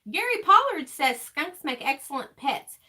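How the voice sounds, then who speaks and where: A woman co-hosting a relaxed chat, her voice bright and lively with wide swings in pitch. She reads out viewer comments and teases her co-host. The tone stays loose and chatty. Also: moderate pace. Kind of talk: casual live chat.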